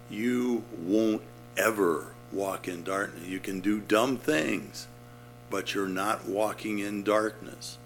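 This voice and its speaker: A man's voice: low voice, fairly bright tone. A man preaching a sermon, explaining Greek words and pressing his points with emphatic repetition.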